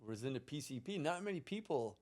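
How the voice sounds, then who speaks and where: A male podcast host who keeps things moving with quick questions and short asides in relaxed conversation. His voice sits at an ordinary middle pitch for a man. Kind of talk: casual interview chat.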